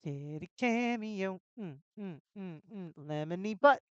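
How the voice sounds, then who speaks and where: A woman's voice: mid-range voice, lively intonation, unhurried, clear, resonant tone, no echo, dull audio. Joking woman streaming a game. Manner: joking, self-deprecating asides. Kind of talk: casual gameplay live stream.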